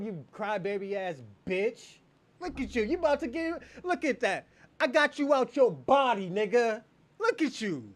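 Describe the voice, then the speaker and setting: Male livestream host with a high voice; taunting banter with chat, crude and laughing. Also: very animated, measured pace. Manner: mocking and taunting, laughs often, heavy profanity. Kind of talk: casual livestream banter with viewers.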